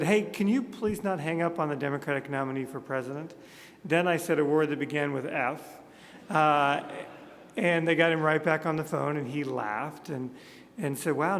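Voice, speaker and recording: A man's voice: on the high side, vocal fry, a little hiss or hum. A man from Montana in his thirties giving a humorous, self-deprecating keynote speech at a conference. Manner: self-deprecating storyteller, jokey asides. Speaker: speaker at a conference. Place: large conference hall. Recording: echoey hall with long reverb.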